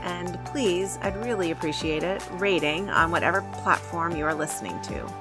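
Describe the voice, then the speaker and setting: A woman's voice: lowish voice, expressive, moderate pace. Woman podcast host over music. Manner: gentle, reflective, asks probing questions. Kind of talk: reflective podcast host address. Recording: voice over clear background music.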